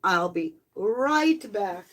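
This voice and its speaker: A woman chats casually on a live stream into her phone. She talks straight to her viewers, apologizing and narrating as she fiddles with her gear, in a voice of ordinary pitch. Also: lively intonation, very slow, background noise. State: out of breath from the stairs. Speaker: host of a live tarot and spirit box stream.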